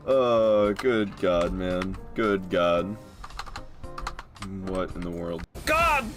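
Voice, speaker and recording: A man giving casual, jokey gameplay commentary, excitable and profane, laughing often. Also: sits low, very slow, music in the background. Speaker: gaming YouTuber.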